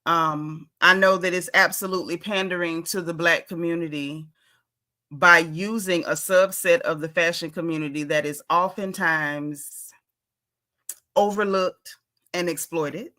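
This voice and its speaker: Bright-voiced woman chatting on a livestream. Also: fairly low pitch, steady tone, a little slow. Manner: chatty, greets viewers by name. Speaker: livestream host. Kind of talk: casual livestream chat.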